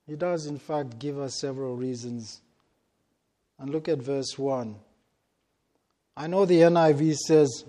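A man delivering a sermon at an unhurried, measured pace, leaning hard on his key words and letting long pauses sit between phrases. His voice is mellow and dark in tone, pitched somewhat higher than most men's. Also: fairly even intonation. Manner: slow, deliberate and emphatic, stressing key words with long pauses. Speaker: preacher.

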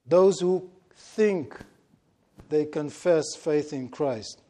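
A man preaching a sermon, slow and deliberate, stressing key words with long pauses. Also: fairly high pitch, dark tone.

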